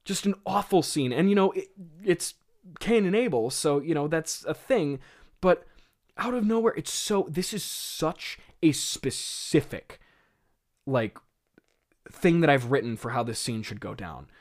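A man's voice: on the high side, animated, measured pace, a little mellow. A man hosting a podcast, talking in a rambling, laughing way full of fillers. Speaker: podcast host. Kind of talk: casual comedic commentary.

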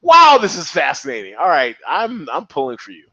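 A man hosting a podcast, giving casual, excitable commentary on his listeners' picks. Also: fairly high pitch, fairly quick, slight background noise. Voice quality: excitable, animated. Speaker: podcast host. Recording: dull, slightly lo-fi, dry.

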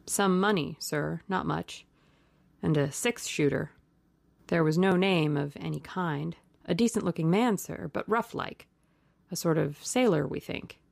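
A humble older gamekeeper answers in a low, hushed, plain-spoken way, voiced by a woman. The tone is gravelly and drops to a quiet mutter. The sound is dry and close. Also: measured pace, no room sound, full character voice. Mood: deferential. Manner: respectful, subdued, plain-spoken. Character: older male gamekeeper, rough and deferential.

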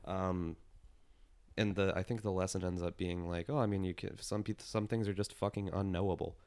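A young man co-hosting a podcast from a living room, relaxed and casual as he retells stories. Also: deep voice, normal speed, smooth, no room sound. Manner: laid-back storyteller who acts out quotes. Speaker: podcast co-host. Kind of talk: casual chat. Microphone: studio mic.

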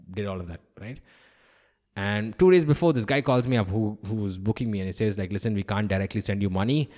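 A man's voice: lowish voice, a little mellow. A man, a stand-up comedian, talking in a candid, opinionated podcast monologue and swearing freely.

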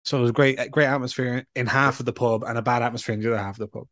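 A man co-hosting a casual podcast, telling stories with frequent filler pauses. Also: medium pitch, steady tone, fairly bright tone, no room sound, studio quality. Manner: chatty, storytelling with filler pauses. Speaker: podcast co-host. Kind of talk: casual chat.

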